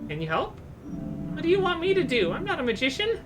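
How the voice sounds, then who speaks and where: A woman voicing a gruff, impatient hospital worker who snaps at kids. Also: high voice, huge pitch swings, a little fast, voice pushed up. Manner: gruff and snappy. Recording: game music playing behind.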